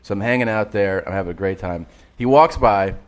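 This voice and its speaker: Podcast co-host, male, low-pitched, loose profane storyteller. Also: fairly quick. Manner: animated anecdote teller, swears, laughs often. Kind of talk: casual storytelling chat.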